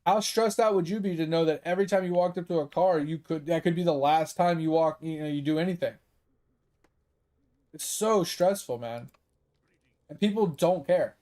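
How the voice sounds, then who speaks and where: A man chatting casually while he plays a game, telling a story with a lot of swearing and laughter. His voice sits high for a man, with a mellow, soft edge. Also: moderate pace. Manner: profane, animated storytelling with laughs. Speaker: gaming streamer.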